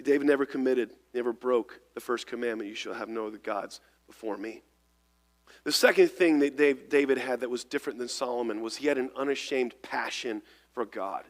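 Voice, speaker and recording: In a church sanctuary, a pastor delivers an earnest sermon at a fairly quick pace, his medium-pitched voice echoing through the large hall. He often repeats and restarts words, moving between loud passages and hushed ones.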